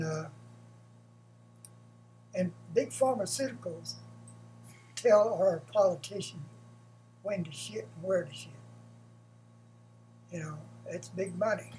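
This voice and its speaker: A man, short of breath, giving a blunt, halting opinion monologue for his vlog from home. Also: sits high, darkish tone, slight background noise, rough recording. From United States. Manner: halting, blunt, with frequent pauses and restarts. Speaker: vlogger.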